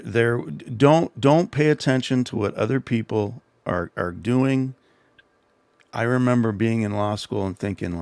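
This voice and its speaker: A man's voice: fairly low pitch, creaky, darkish tone, no echo. A middle-aged man hosting a livestream, telling a rambling, self-deprecating story and giving casual advice. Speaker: livestream host.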